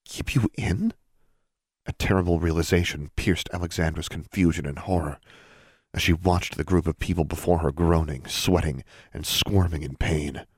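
Male podcast narrator, very low voice, dry close sound, measured audiobook reading. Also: steady tone, slightly rough, no echo.

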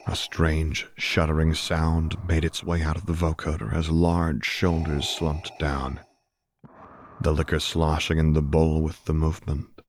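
A man reading fan fiction aloud in a soft, hushed storytelling voice. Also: a bass voice, level tone, unhurried, a little hiss or hum. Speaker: audiobook narrator. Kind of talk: scripted narration of fan fiction.

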